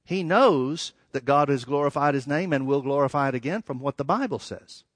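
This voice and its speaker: The recording is dry, and the man speaks at a medium pitch while delivering a sermon. Reading verses aloud and then explaining them, he builds to emphatic rises, drops off dramatically and uses weighty pauses.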